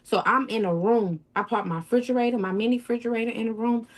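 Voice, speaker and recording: A woman's voice: a little high, fairly even intonation, quick pace. A woman telling her own story as an interview guest, often quoting others and swinging her voice up and down. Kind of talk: emotional first-person account.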